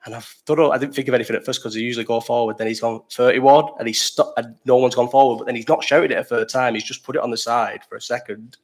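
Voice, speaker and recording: A young man with a Liverpool accent hosts a casual livestream chat at a brisk pace. His voice sits at an ordinary pitch. He rambles through stories full of swearing and breaks off to answer the chat. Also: steady tone. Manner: rambling, sweary storytelling, reads chat aloud. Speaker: livestream host.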